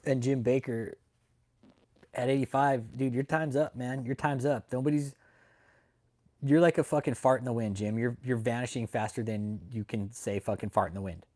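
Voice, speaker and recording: A man hosts a casual livestream, offering profane, mocking commentary, laughing a lot, and greeting chat viewers by name. His voice is medium-pitched, steady, and dark in tone, at a normal speed.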